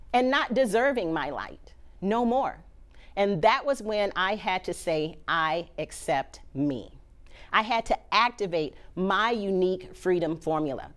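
Woman, motivational speaker on stage, punchy and emphatic, mid-pitched. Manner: energetic, emphatic, call-and-response with audience. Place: stage before a live audience.

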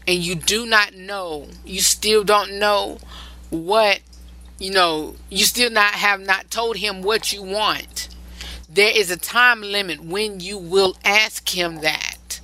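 Here the advice-show host has a medium-pitched voice that sounds pushed and bright, and she takes her time. Her talk is loose and casual, full of repeated phrases for emphasis, rambling, and restarts. The recording is rough.

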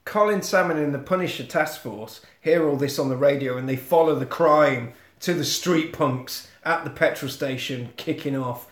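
A man's voice: a little high, normal speed, hardly any pauses. A man co-hosting a podcast, recapping a film in casual chat and swearing freely. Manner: swears freely, blunt storytelling. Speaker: podcast co-host. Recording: roomy echo.

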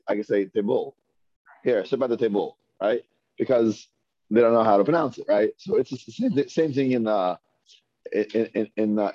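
A man teaching a Hebrew reading class, patiently repeating words slowly and asking his students questions. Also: lowish voice, warm tone, dry recording. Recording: dull lo-fi dry recording.

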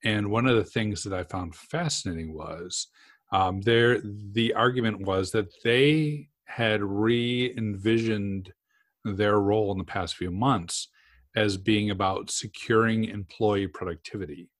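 Man, low voice, podcast co-host, anecdote-heavy, dry sound. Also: unhurried, no echo. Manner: animated storyteller, fond of anecdotes. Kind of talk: casual technical discussion.

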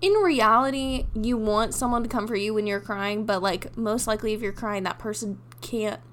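Candid rambling young woman, fairly high voice. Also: normal speed, fairly bright tone. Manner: candid, rambling, self-mocking. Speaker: podcast co-host. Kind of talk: casual chat.

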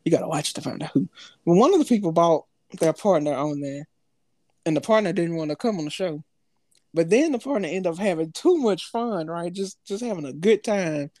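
A man's voice: on the high side, lively intonation, brisk, a little mellow, dry recording. A man co-hosting a podcast, talking loosely in slang and laughing often as he tells stories. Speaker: podcast co-host. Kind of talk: casual chat.

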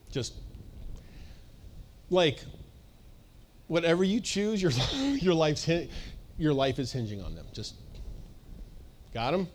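Male pastor, casual sermon, animated delivery, slightly higher voice. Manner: casual, animated, acts out voices, laughs often. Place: church service.

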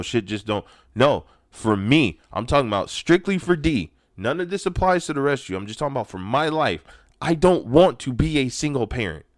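A man's voice: medium pitch, no room sound, studio quality. A young man hosting a show, delivering a heated, profane monologue with strong emphasis. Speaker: podcast host. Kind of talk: ranting monologue.

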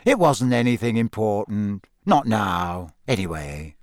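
A cheeky teenage prankster, as a man reads him, talks briskly and matter-of-factly. The voice sits higher than the reader's own, in a dry, close recording. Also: sing-song, darkish tone, dry recording.

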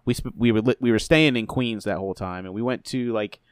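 A man's voice: lowish voice, fast, clear, resonant tone, no room sound. Dry-sounding man in casual chat. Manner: joking, swearing, laughs along.

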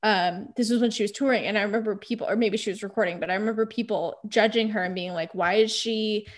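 A woman's voice: medium pitch, fairly even intonation, quick pace. A young woman from Texas joins a podcast as a guest. She chats loosely and rambles, filling her sentences with "like" as she talks things through. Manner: chatty, rambling with many "like"s. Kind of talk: casual chat.

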